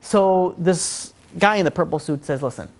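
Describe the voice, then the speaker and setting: A man, a rabbi, giving a class on faith, telling a story expressively and swinging from loud to soft. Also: high-pitched, measured pace.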